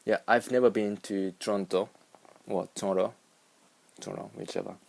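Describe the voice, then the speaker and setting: A man's voice: lowish voice, steady tone, moderate pace, creaky, a little mellow. A young man with a Japanese accent, rambling and musing aloud in a casual vlog. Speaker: vlogger.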